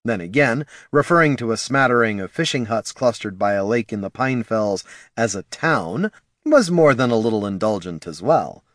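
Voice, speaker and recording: A man narrating a fantasy story in a wry, expressive reading. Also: fairly low pitch, moderate pace, dry recording, clean studio sound.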